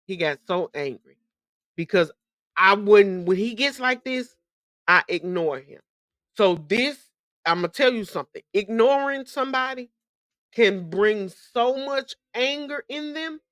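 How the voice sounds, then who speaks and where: A woman's voice: medium pitch, animated, measured pace, fairly bright tone, no echo. A young adult woman hosting a podcast, telling a personal story in candid, emphatic, slangy casual speech with many repetitions. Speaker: podcast host.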